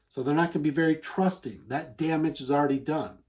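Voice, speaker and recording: A man's voice: a little high, brisk, hardly any pauses. A man venting to camera in an earnest, repetitive advice monologue, often acting out the people he talks about. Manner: earnest, repetitive, acts out quoted voices. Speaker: advice vlogger.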